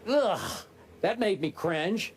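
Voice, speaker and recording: A man's voice: high-pitched, a little slow. A man co-hosting a sports debate show in a TV studio, sounding indignant and exasperated.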